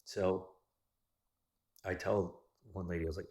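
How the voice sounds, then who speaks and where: A young man with a low, fairly monotone voice tells a rambling personal story. His tone is bright and forceful, and he cusses freely as he retells what everyone said. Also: moderate pace. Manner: profane, animated retelling of a story. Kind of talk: casual storytelling.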